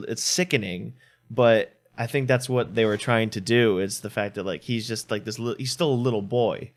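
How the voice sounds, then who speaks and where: Male co-host, lowish voice, halting and reflective, casual film debate. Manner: halting, thoughtful, searching for words. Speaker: podcast co-host.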